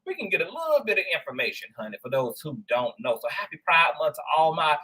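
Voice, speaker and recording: Male livestream host; bright, forceful, high voice, chatty and playful. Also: quick pace, breathy edge, rough recording. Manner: animated, shouting out viewers, slang-heavy. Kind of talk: casual livestream chat.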